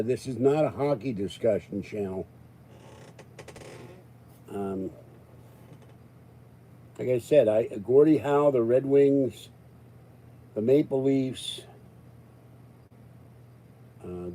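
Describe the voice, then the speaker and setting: Older male livestream host, very dark tone, rambling, exasperated. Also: medium pitch, low-quality recording. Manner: rambling, exasperated, raises voice then calms. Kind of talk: live-stream chat with viewers.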